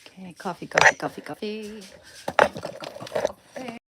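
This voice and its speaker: A woman livestreaming from her kitchen at home, cooing and whispering softly to her dog and chatting loosely with viewers. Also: medium pitch, measured pace. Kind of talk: casual livestream chat. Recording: clear steady background noise.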